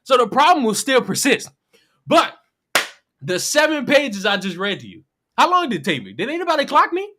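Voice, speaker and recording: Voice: medium pitch, sing-song, normal speed, background noise. A livestreamer ranting in heated commentary, profane and mocking, firing off rhetorical questions. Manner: mimics people in silly voices.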